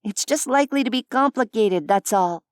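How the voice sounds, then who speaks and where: Vani comes across high and lively, an exasperated young mum who huffs and teases, voiced by a woman reading the audiobook. She talks quick and bright over a clean, dry studio sound. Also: dry recording, close to an everyday voice. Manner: animated, huffy, teasing. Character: young woman, a mother, exasperated but wry.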